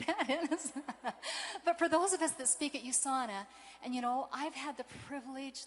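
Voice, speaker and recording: A woman giving a motivational convention speech, telling personal stories in a warm, emotional way. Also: high voice, slight background noise. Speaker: convention speaker.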